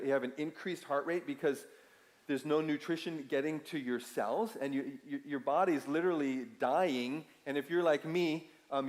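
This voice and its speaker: A man preaches to his congregation, his voice sitting a little high. He talks casually, asks questions of the room and pushes hard on key words. The sound carries a long reverb from a large hall. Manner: conversational, asks the audience questions, emphatic bursts. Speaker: pastor. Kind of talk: sermon. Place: church sanctuary.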